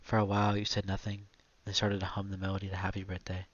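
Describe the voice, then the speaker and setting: A man narrating a literary audiobook in a measured, quiet, reflective delivery. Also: sits low, monotone, highs cut off.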